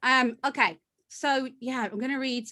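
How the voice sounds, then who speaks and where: A woman novelist chatting on a video call, excitable and self-deprecating. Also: high-pitched, unhurried. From Ireland and Canada. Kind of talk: casual chat on a video call.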